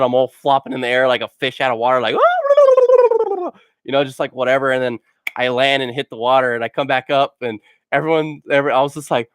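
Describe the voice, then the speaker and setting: A man's voice: mid-range voice, a bit bright, clean tone, no room sound, clean studio sound. A man telling funny stories for a casual vlog. He rambles and fills his sentences with "like", and laughs at his own stories. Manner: rambling, full of "like" fillers. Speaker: gaming channel host.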